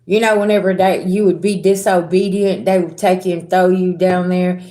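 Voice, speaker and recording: A woman's voice: fairly low pitch, little pitch movement, moderate pace, mellow, reverberant. A woman giving a casual tarot reading to her viewers, talking bluntly with sass, slang and swearing. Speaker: tarot reader.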